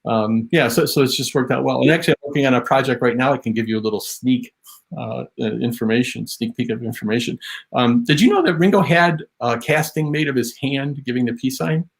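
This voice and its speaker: A man, a drum memorabilia historian, telling an anecdote as an interview guest in an animated way. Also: mid-range voice, brisk, creaky. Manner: animated storytelling, voice rises on quotes.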